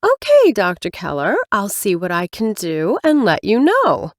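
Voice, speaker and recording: A woman's voice: medium pitch, huge pitch swings, no echo, studio quality, voice pushed up. A woman narrator voicing a courteous dating agency staffer answering the phone. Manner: courteous, brisk phone manner.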